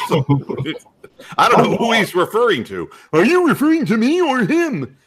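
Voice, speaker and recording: Animated, laughing male radio host. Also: high-pitched, unhurried, husky. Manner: animated storyteller, laughs often. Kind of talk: comic radio chat.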